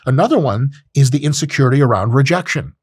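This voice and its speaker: A man hosting a podcast, talking in a casual monologue, profane and animated, jumping into high-pitched voices. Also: fast talker, husky, no echo, clean studio sound. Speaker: podcast host.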